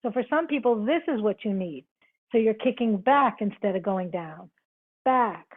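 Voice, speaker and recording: A yoga teacher with an animated, mid-range voice runs a live online class at a moderate pace, heard through thin video-call audio. She counts out reps, offers brief cues, and talks with the students.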